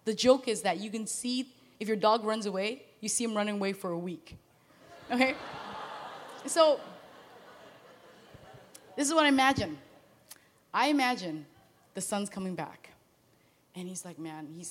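A woman preaching in a casual, storytelling way, acting out the characters in quick asides. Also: mid-range voice. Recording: long hall reverb.

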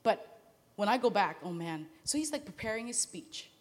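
A woman preaching in a casual, storytelling way, acting out the characters in quick asides. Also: medium pitch, very animated. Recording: long hall reverb.

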